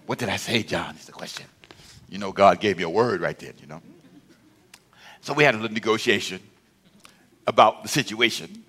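A man's voice: on the low side, lively intonation, moderate pace, long pauses, fairly bright tone. An older man preaching a sermon, rising in emphasis and calling for answers from the congregation. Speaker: pastor.

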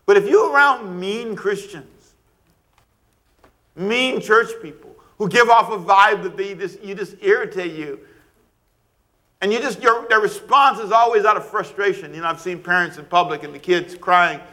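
A male pastor preaching a sermon, asking rhetorical questions, laughing between points and acting out quoted scolding. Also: normal speed. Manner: preaching with wide swings of pitch and loudness, rhetorical questions.

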